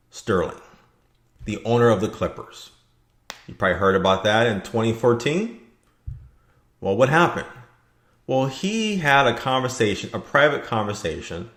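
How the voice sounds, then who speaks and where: A man giving blunt, rambling opinion commentary for his video channel. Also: mid-range voice. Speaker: vlogger. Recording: echoey room.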